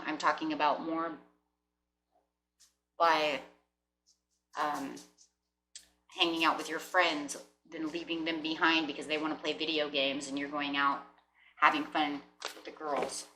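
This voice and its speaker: Chatty woman tarot reader, bright, roomy. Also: sits low, level tone, unhurried, pauses often, a little hiss or hum. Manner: chatty, tags lines with "right?" and "you know?"; frequent throat clearing. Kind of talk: casual tarot reading to camera. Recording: roomy echo.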